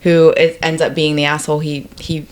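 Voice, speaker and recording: A woman's voice: low-pitched, flat delivery, moderate pace. A young woman co-hosting a podcast, talking enthusiastically and swearing casually. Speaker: podcast co-host. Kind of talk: casual chat. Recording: background noise.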